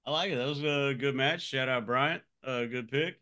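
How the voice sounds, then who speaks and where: A man co-hosting a casual podcast, excitable and quick to react. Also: mid-range voice. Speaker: podcast co-host.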